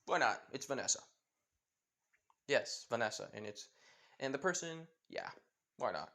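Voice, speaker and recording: A man telling a fan story off the cuff, rambling and leaning on fillers as he thinks out loud. His voice sits at an ordinary middle pitch, casual and unscripted. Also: very animated, normal speed, vocal fry, pauses often. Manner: rambling, many fillers like "pretty much". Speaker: narrator.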